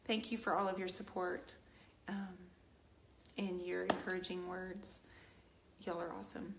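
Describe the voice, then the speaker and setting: A woman's voice: fairly low pitch, flat delivery, measured pace, gravelly, background noise. A woman hosting a live painting stream, talking earnestly and emphatically straight to her viewers. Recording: roomy echo.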